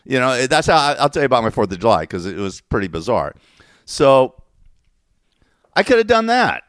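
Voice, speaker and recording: A vlogger rants casually through a rambling, exasperated personal story, cursing often and correcting himself along the way. His mid-range voice is very animated and fairly bright at normal speed, recorded clean in a studio with no room sound.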